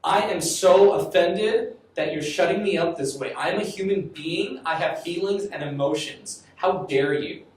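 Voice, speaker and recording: A man's voice: high-pitched, moderate pace, few pauses, pitched above the performer's own voice, close to an everyday voice. A man voicing an easily offended young boy who speaks in a haughty, affronted way, recorded in an echoey room from far off. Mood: indignant.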